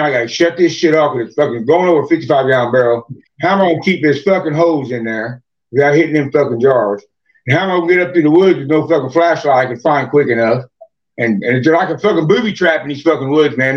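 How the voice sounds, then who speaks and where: A man's voice: fairly high pitch, fast talker. A man telling a long rambling story in casual chat, cursing constantly and padding with "man" and "you know". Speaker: podcast guest, moonshiner. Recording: dull lo-fi podcast audio.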